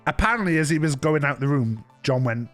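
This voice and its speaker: A man with a fairly high voice chats casually on a live stream, spinning anecdotes that ramble and restart. He laughs often and keeps it loose. Faint music plays beneath him. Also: animated, brisk, fairly bright tone.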